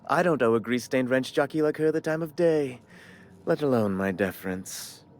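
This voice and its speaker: A man's voice: mid-range voice, moderate pace, slight background noise, natural voice. An actor voicing a fussy, condescending male corporate bureaucrat in a video game, with a prim, theatrical delivery. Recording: soft game music behind.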